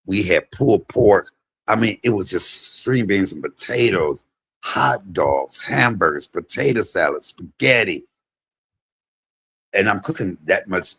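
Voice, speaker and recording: Husky low-voiced man telling stories. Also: measured pace. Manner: animated, loud imitations of his mother. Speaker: comedian and vlog host. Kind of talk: casual storytelling monologue.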